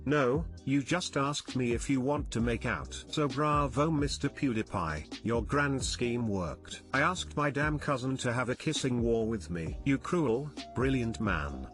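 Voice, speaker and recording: A man's voice: mid-range voice, fairly bright tone. A man reading online posts aloud as a storytelling narrator, in a dry read-aloud manner. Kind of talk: scripted narration.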